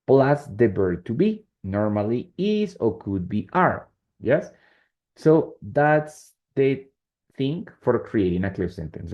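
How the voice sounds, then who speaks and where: A man's voice: mid-range voice, dull audio. A man teaching English whose first language is Spanish, switching between the two languages and often checking if students follow. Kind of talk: online class explanation.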